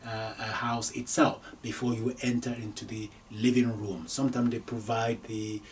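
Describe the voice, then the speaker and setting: A man teaching an Arabic language lesson, repeating each phrase slowly for learners, with frequent hesitations. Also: on the low side, flat delivery, far from the mic, a little hiss or hum. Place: lives in London.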